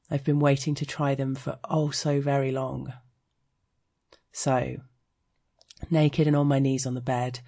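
A British woman reading her own erotic story aloud, frank and wry, slowing down over the intimate details. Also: rumbling low, mellow, slightly rough. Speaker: sex blogger.

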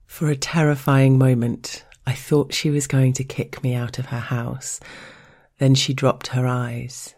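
Slow, husky, gravelly woman narrator. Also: flat delivery, darkish tone. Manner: slow and stern, low and controlled. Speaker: storyteller. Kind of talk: intimate first-person story narration.

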